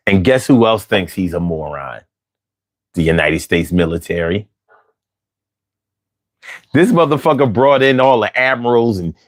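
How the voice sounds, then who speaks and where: A man hosting a late-night livestream, ranting with heavy profanity and talking back to his chat. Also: on the low side. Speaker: livestream host.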